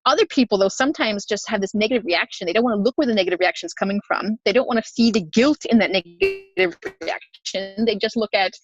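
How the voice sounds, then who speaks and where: A woman co-hosting a podcast, telling stories in an animated way with frequent laughs during a casual spiritual chat. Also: mid-range voice, quick pace, hardly any pauses, no room sound, lo-fi sound. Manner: animated storytelling, laughs often. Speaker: podcast co-host.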